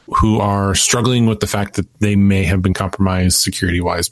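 A man co-hosting a podcast, explaining things in a steady, casual way with many fillers. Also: on the low side, dry recording. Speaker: podcast co-host.

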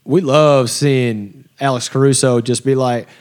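A man's voice: medium pitch, steady tone, unhurried, darkish tone, clear, resonant tone. A man co-hosting a casual sports podcast, rambling and laughing as he talks. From Chicago area. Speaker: podcast co-host.

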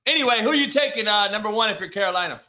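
Bright high-voiced man talking sports. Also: lively intonation, very fast. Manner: laid-back, swears freely, stammers and restarts. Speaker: podcast host. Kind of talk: casual sports talk.

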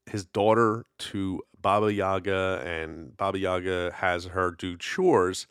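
A man's voice: deep voice, steady tone, slow pace, fairly bright tone, clear, resonant tone, dry recording, clean studio sound. A man hosting a casual solo podcast, telling folklore in a rambling, conversational way with lots of fillers. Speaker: podcast host.

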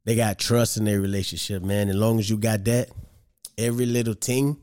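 A young man hosts a podcast in a loose, animated monologue. He talks in slang and swears freely. He keeps turning to the listeners with rhetorical questions. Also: lowish voice, brisk. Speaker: podcast host. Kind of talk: casual opinion monologue.

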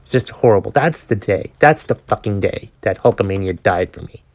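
A man's voice: lowish voice, animated, fairly quick, darkish tone. A man in his forties hosting a podcast, telling a long story in a casual, ranting way with plenty of swearing and exasperation. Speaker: podcast host.

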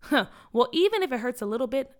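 A woman's voice: sits high, very animated, fast. A woman voicing a tired, grumbling schoolgirl in a children's story. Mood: grumbly.

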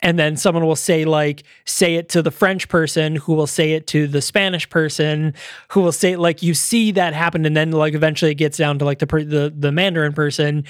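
A man co-hosting a podcast in casual chat, animated and acting out quoted reactions, with the odd casual swear. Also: fairly high pitch, a little fast, dry recording, clean studio sound. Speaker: podcast co-host.

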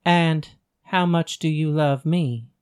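A gentle young man asks soft, hesitant questions, as a voice actor reads him. The voice has a medium pitch and fits a romantic audiobook scene. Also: slow pace, clear, resonant tone, close to an everyday voice. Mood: tender. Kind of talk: audiobook dialogue reading.

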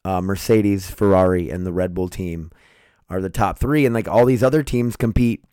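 A man's voice: deep voice, normal speed, warm tone, smooth, no echo, clean studio sound. Sleepy, swearing podcast host guy. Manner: profane, loose, repeats "you guys" and "dude". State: sleepy, yawning. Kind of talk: casual rambling chat.

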